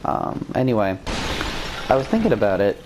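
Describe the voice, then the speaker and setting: A woman with a very deep voice giving rambling, self-deprecating let's-play commentary as she plays. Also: big pitch swings, normal speed, noisy background. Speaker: game streamer.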